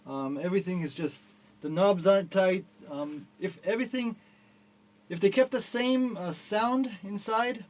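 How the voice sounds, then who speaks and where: Fed-up gear reviewer with a high-pitched voice. He rambles through a profane rant and swings from mutters to outbursts. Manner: profane and exasperated, shifting between mutters and outbursts; loose and rambling, full of fillers and restarts. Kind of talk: ranting product review.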